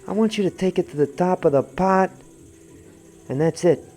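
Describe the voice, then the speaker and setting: A man's voice: high voice, moderate pace, dark tone, voice pushed up. A man voicing a laid-back male lump of clay that talks in chummy slang. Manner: chummy, slangy, says bro.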